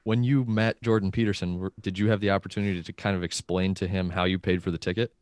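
Low gravelly guy hosting a podcast, kinda flat delivery, encouraging questions. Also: fast, dry recording. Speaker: podcast host. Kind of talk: interview podcast.

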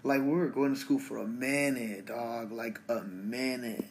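A man's voice: mid-range voice, steady tone, a little slow, slight background noise. A man in his twenties from Los Angeles, casually telling a rambling story full of fillers and swearing. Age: 20s. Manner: rambling, profane, lots of fillers and restarts.

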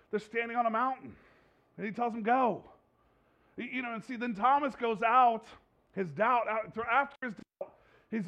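Animated high-voiced male preacher. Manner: animated, repeats himself, acts out quotes. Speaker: pastor. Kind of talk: sermon. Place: church hall with slides.

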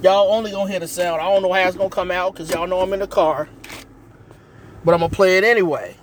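Casual podcast host, a man with a high voice, blunt slangy talk, recorded in a car with road noise. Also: fairly even intonation, quick pace. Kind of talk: casual commentary monologue. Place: inside a car. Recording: noisy car interior.

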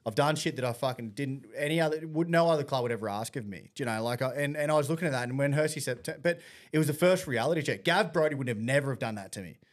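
A man telling stories in a blunt, sweary, animated way as co-host of a casual podcast chat. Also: mid-range voice, fast.

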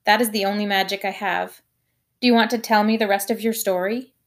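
A woman reading aloud, voicing a gentle, thoughtful older male minister who speaks in a soft, measured, kindly way. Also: mid-range voice, steady tone, close to an everyday voice. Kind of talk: audiobook character voice.

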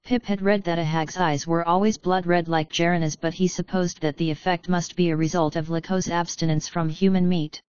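A woman narrating a fantasy audiobook in clear, even storytelling. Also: lowish voice, brisk, hardly any pauses. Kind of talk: scripted narration. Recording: slightly dull, dry studio sound.

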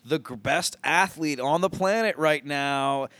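A man's voice: a little high, measured pace, a bit bright, no room sound. Rambling, joking man on a podcast. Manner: crude joking, rambling with many fillers. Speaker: podcast co-host. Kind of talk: casual chat.

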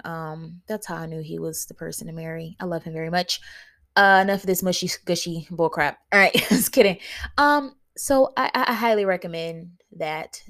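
A woman's voice: sits low, vocal fry, a bit bright. A woman hosting her own podcast in casual solo talk, candid and playful, speaking straight to her listeners. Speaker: podcast host.

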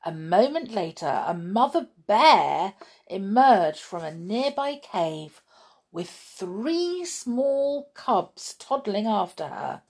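A woman reading a children's story at an unhurried pace, gentle and chatty, pausing to ask little questions. Her voice is husky with a gravelly edge and moves up and down in a lively way. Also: mid-range voice.

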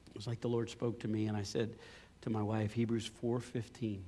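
A man's voice: little pitch movement, normal speed, slight background noise. Preaching man in a reverberant hall. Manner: impassioned, rising to loud pleading then dropping low. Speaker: pastor. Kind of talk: sermon.

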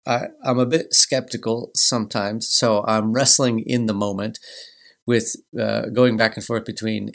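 A man in his thirties hosting a podcast, telling a personal family story in a halting way with many restarts. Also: lowish voice, creaky, fairly bright tone. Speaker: podcast host.

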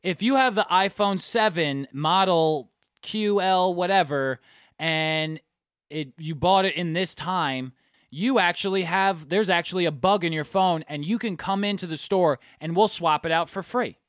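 A young man on a dry, close mic, telling a story with lots of energy. His voice sits a little high, and he swears freely in casual podcast chat. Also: a little slow, a bit bright, no echo. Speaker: podcast co-host.

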